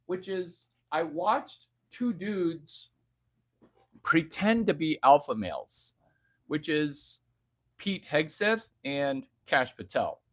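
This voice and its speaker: A man's voice: fairly high pitch, a bit bright, dry recording, clean studio sound. A man hosting a livestream, reading chat aloud and riffing on it in a provocative, mocking way. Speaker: livestream host.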